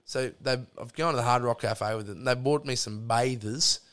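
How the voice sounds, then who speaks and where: A man's voice: medium pitch, normal speed, few pauses, fairly bright tone, a little hiss or hum. An Australian man, a podcast guest, telling long rambling stories in casual chat, full of swearing and fillers.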